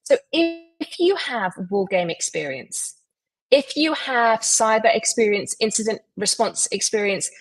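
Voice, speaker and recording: A woman hosting a live recruiting show, pitching job openings briskly with frequent "um"s. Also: animated, poor audio.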